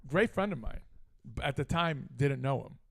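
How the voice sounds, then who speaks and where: Middle-aged man, mid-pitched, casual talk-show storyteller who gets worked up retelling a feud. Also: moderate pace, creaky. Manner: animated, heated retelling with frequent asides. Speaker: podcast co-host.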